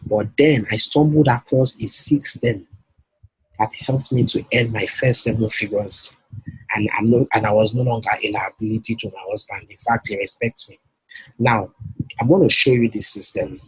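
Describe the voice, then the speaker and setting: A man's voice: fairly low pitch, steady tone, moderate pace, husky, dry recording, rough recording. A man coaching a client on a call, persuasive and often checking that she follows. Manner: persuasive, repeats himself, checks for understanding. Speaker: business coach.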